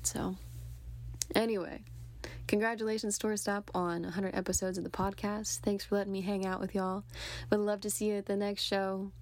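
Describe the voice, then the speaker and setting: A woman's voice: medium pitch, level tone, normal speed, darkish tone, no echo. A woman singer-songwriter giving cheerful, friendly congratulations in a recorded message.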